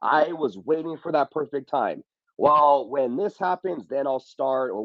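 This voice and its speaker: A man's voice: mid-range voice, animated, unhurried, no room sound, dull audio. A man speaking as a podcast guest in casual motivational talk, often saying "bro" and "you know what I mean".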